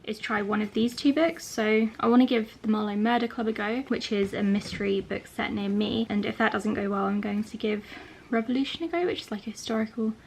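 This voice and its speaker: A young woman chats through her week in a casual reading vlog. Her voice has a gravelly fry at the ends of phrases. She leans on doubled words for emphasis, with faint noise in the room behind her. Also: medium pitch, brisk, few pauses, a little mellow, rough recording. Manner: chatty, says "really" twice for emphasis. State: unwell, a bit out of breath. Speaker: book vlogger.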